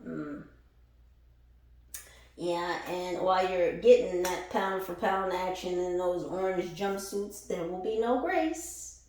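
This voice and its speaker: Unhurried and a bit dark in tone, this woman speaks at medium pitch. As a spiritual tarot reader, she offers her followers a relaxed reading, swearing bluntly and laughing a lot along the way. She's far from the microphone in a room with noticeable echo.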